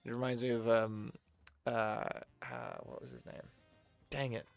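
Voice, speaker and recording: A man chats casually while streaming a video game and drifts into rambling, self-amused asides. His voice is smooth and clear. Faint game music plays underneath. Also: medium pitch, flat delivery, unhurried, no room sound. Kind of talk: casual gameplay commentary.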